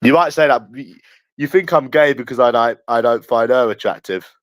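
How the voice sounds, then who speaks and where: A young man with a London accent rants on a taunting live stream, jeering at someone again and again in a mocking way. His voice is medium-pitched at a normal speed, with no echo.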